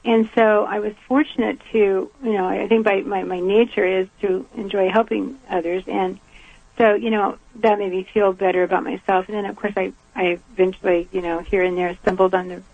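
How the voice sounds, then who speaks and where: Gravelly older woman on a phone line. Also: medium pitch, flat delivery, a little fast, no echo. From American South. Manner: earnest, reflective, with soft laughs. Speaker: guest. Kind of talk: reflective conversational interview.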